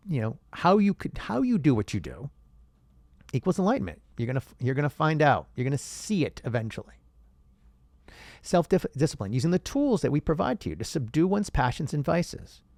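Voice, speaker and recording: A man hosting a casual monologue, animated and rhetorical, who addresses viewers directly and swears now and then. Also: fairly high pitch, dry recording, studio quality. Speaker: host.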